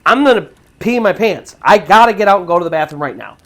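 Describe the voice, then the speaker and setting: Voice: mid-range voice, sing-song, quick pace, a bit bright. The storyteller quoting a young male missionary who urgently pleads to stop the truck. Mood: pleading.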